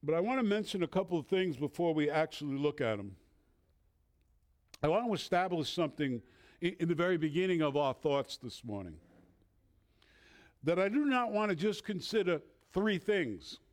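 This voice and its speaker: Earnest preacher with a northern accent. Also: male voice, on the high side, expressive. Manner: earnest, measured preaching with fillers. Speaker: substitute pastor. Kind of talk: sermon. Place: church.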